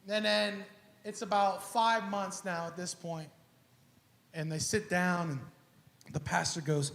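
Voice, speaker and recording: A man preaching a sermon, telling a personal story in an animated, casual way full of slang and acted-out dialogue. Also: extremely high pitch, measured pace, creaky. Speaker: pastor. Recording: echoey church hall.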